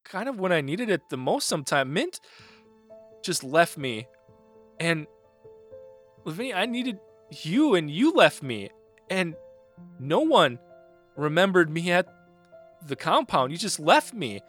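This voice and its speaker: A man's voice: fairly high pitch, lively intonation, a little slow, pauses often, breathy edge, soft background music, pitched above the performer's own voice. A man voicing a shaken man who feels forgotten, faltering and repeating himself before anger breaks through. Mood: hurt, angry.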